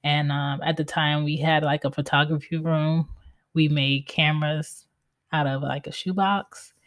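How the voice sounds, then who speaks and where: A woman with a low voice hosts a solo podcast from home, talking in a casual, candid way. She is blunt and swears freely as she talks through her own stubborn streak. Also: fairly even intonation, unhurried. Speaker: podcast host.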